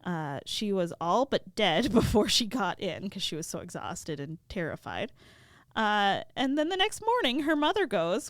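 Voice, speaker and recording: Animated woman retelling a fairy tale. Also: mid-range voice, normal speed, no echo, studio quality. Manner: animated, laughing asides. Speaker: podcast co-host. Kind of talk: casual story retelling.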